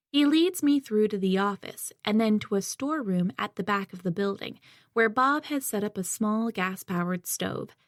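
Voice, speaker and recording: A woman reading a first-person audiobook in a measured, reflective way. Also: medium pitch, dry recording, clean studio sound. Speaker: audiobook narrator.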